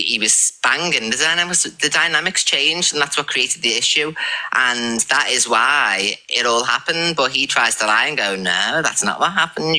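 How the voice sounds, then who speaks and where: A man's voice: medium pitch, pushed and bright, low-quality recording. A man on a livestream, talking over a grievance in a rambling, aggrieved way. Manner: aggrieved, rambling, repeats "you know what I mean".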